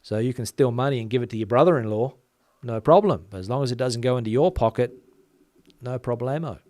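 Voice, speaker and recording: A man from Western Australia with a softened Australian accent, hosting a casual chat, reading out viewer comments and talking quickly with lots of fillers. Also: mid-range voice, no room sound. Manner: chatty, many fillers, talks fast. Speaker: channel host.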